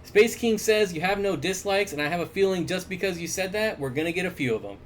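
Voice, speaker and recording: A man hosting a casual livestream, reading viewer comments aloud and answering aquarium questions in a relaxed, chuckling way with lots of fillers. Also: sits high, quick pace, slight background noise. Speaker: aquarium store owner and livestream host. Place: indoors, at his fish room or store. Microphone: desk mic.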